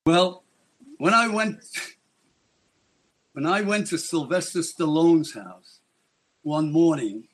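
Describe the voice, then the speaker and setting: Male interview guest, husky, a bit high, dramatic rambling storyteller. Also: expressive, slow, pauses often.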